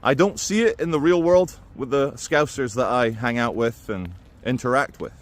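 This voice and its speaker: A man talking through his opinions in a casual, animated monologue to camera. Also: medium pitch, moderate pace. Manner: conversational and animated, with quoted impressions. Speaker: video commentator.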